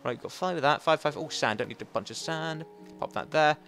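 A man's voice: a little high, a little fast, faint music behind. A young man hosting a game playthrough, chatty and rambling, often restarting sentences and cheering on the game character. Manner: chatty and rambling, with frequent self-corrections; excitable, coaxing the game character aloud. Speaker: gaming channel host. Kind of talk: let's play commentary.

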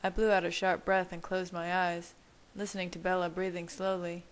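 A woman reading a first-person romance story aloud in a steady, intimate manner. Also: fairly low pitch, moderate pace, low-quality recording. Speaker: fan fiction reader. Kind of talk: audiobook narration.

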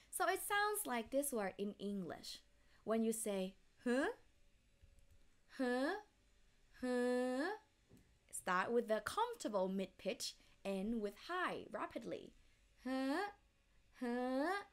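A woman's voice: medium pitch, sharp tone. A woman with a Thai accent teaching a language lesson step by step, demonstrating tones by drawing out single syllables.

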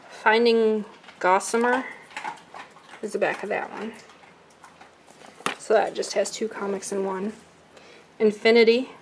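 A woman's voice: medium pitch, vocal fry, slight background noise. A woman vlogging casually at home, chatting while she unboxes and reads out comic titles. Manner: chatty, slow when reading titles.

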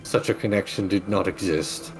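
A man's voice: sits low, fairly even intonation, normal speed, music in the background, lightly acted, low-quality recording. A man voicing a grieving priest who speaks formally and solemnly in a tabletop game.

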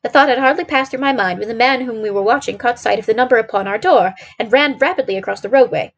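A woman's voice: on the high side, fast, highs cut off. A woman streamer reading a classic detective novel aloud, narrating steadily with a few small slips.

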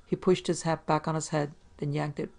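Podcast narrator, crime story reading, gravelly, flat, steady. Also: medium pitch, fairly quick.

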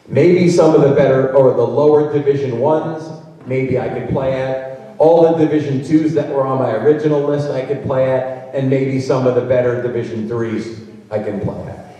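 A man speaking to parents in a big school auditorium, his voice mellow and a bit high. He talks in a chatty, conversational way, acting out what students and coaches might say. The sound is distant and very echoey, with a long hall reverb. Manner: conversational, acts out hypothetical quotes. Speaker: college recruiting speaker. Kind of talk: workshop presentation. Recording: roomy hall, distant mic.

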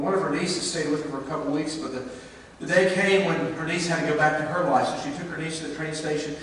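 Earnest male preacher, high-pitched voice, distant mic in a reverberant church hall. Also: slight background noise. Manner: earnest storytelling preacher, swinging between emphatic and hushed. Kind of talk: sermon. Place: church sanctuary.

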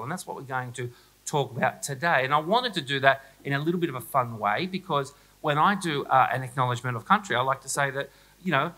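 An Australian man speaks at a conference keynote, his voice bright and forward. He jokes with the audience and pokes fun at himself in a loose, chatty way. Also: a little high, low-quality recording. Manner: playful, self-mocking, chatty with the audience. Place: school hall, live audience.

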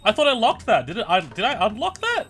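Male streamer, lively up-and-down voice, crude, gloating play-by-play. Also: sits high, fast talker, slight background noise. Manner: excitable, crude gloating trash talk, bursts of shouting. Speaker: gaming streamer. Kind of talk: live gameplay commentary.

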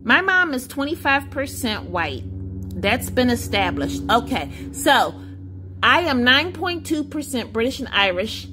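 A woman's voice: high voice, sing-song, measured pace, background noise. A woman vlogger chatting casually to camera, reading results aloud with asides.

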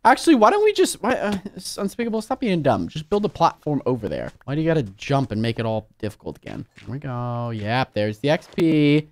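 A man's voice: a little high, brisk, hardly any pauses. A man hosting a let's play, narrating his moves with jokey asides and breaking into sudden gasps and shrieks. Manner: excitable, bursts into loud shrieks and gasps. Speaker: gaming channel host.

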